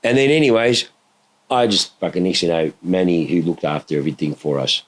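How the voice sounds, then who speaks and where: A middle-aged man hosting a podcast, telling stories in a casual, heavily profane and animated way. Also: deep voice, a little fast. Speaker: podcast host. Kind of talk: casual chat.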